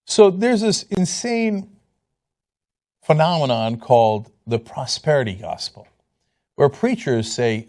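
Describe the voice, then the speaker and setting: A man's voice: medium pitch, very animated, measured pace, darkish tone. A man giving sarcastic commentary on video clips, incredulous and mocking, with laughing asides.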